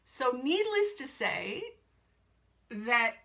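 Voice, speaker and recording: A woman in her forties speaks slowly to her viewers as a life coach. Her voice is bright and forceful, and she leans on her words by saying them twice. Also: high-pitched, very animated, vocal fry. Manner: emphatic, repeats phrases for weight. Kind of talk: personal story to viewers.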